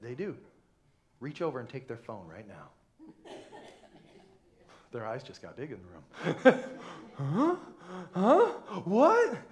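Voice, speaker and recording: A man pastor giving an animated, conversational sermon with many restarts, in a church sanctuary. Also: mid-range voice, measured pace, long pauses.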